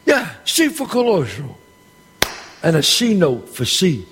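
A brash, high-voiced gangster boss. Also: male voice, wildly swooping pitch, a little hiss or hum, full character voice. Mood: boisterous. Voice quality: loud, bossy, swearing, quick with insults. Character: brash, profane gangster boss running a dice game. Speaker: mob boss at a craps game. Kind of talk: film dialogue. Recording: echoey hall sound with faint ambience.

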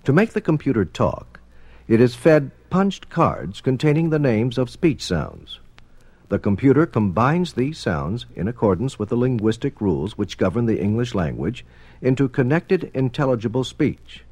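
A man narrating a formal documentary in a measured, explanatory manner. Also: medium pitch, breathy edge, dry recording. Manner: measured, explanatory, expressive intonation.

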